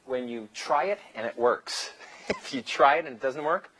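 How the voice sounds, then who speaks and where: A man's voice: mid-range voice, expressive, normal speed, a bit bright, slight background noise, low-quality recording. A man teaching a live seminar, loose and joking, acting out bits of dialogue and swearing casually. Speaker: seminar instructor. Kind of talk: live lecture with anecdotes.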